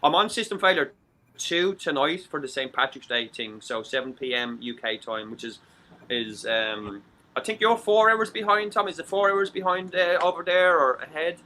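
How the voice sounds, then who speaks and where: A man's voice: on the high side, lively intonation, moderate pace, pushed and bright. A man with an Irish accent hosting a casual show, rambling, stumbling over words and swearing freely. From Ireland. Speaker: show host. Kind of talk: casual chat.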